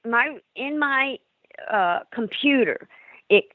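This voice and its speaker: An animated woman telling her investigation stories on a call, slipping into the voices she quotes. her voice comes through a narrow, tinny phone line, dry with no room around it. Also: high-pitched, takes it slowly, no room sound. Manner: animated storyteller acting out quotes. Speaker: paranormal investigator guest. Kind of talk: storytelling in a call-in interview.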